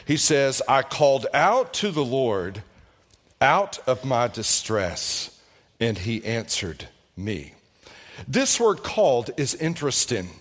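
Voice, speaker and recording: A man preaching a sermon as pastor, emphatic, his pitch swinging up and down with each point. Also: very animated, slow, fairly bright tone.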